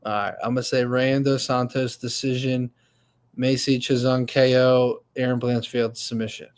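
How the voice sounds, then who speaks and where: A relaxed male host running a call-in betting show, peppering his talk with slang and swearing. His voice is of middling pitch and easygoing. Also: moderate pace, clear, resonant tone. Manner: laid-back, swears casually, says bro. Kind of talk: casual call-in show hosting.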